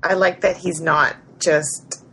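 A woman co-hosting a podcast, chatting casually in an expressive way. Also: fairly low pitch, slow, a little hiss or hum. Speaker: podcast co-host. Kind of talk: casual chat.

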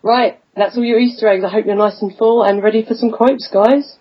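A woman's voice: on the high side, fairly even intonation, a little fast, slightly rough, highs cut off. A woman hosting a casual podcast chat, laughing often and steering the conversation to each guest. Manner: giggly, leads the quote round. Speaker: podcast host.

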